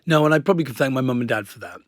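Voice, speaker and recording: A man's voice: medium pitch, animated, rapid-fire, dry recording, clean studio sound. A man in his forties with a Welsh accent, chatting casually as a guest and laughing often. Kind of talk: casual chat.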